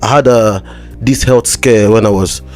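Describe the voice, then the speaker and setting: A man from Nigeria, a mental health practitioner chatting as a podcast guest. He talks haltingly and repeats words with a slight stammer. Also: lowish voice, darkish tone, faint music behind. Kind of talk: casual conversation.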